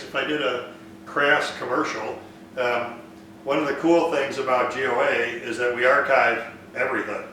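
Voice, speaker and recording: A man with a bright, forward voice hosts a casual woodworking live Q&A, reading out viewer comments and thinking aloud between them. He sounds distant from the mic in a very echoey workshop, with a faint hiss behind him. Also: medium pitch. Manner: relaxed, thinks aloud with fillers. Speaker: woodworking live stream host. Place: woodworking shop.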